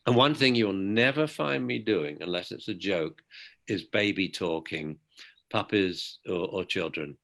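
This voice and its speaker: A man with a British accent, a dog behaviour expert giving an outspoken, lively interview. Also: low-pitched, unhurried, creaky. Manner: outspoken, animated storyteller. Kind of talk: conversational interview.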